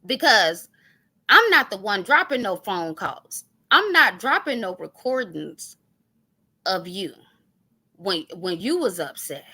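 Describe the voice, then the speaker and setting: A woman's voice: fairly low pitch, pushed and bright, breathy edge. A woman, ranting on her stream in a profane, confrontational, sarcastic way. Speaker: online commentary streamer. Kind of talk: heated ranting callout monologue.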